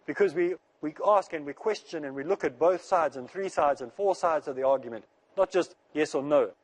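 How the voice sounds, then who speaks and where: An Islamic speaker, a man with a fairly high voice, rushes through a religious lecture. His tone is earnest and reassuring, and he stacks repeated phrases to drive each point home.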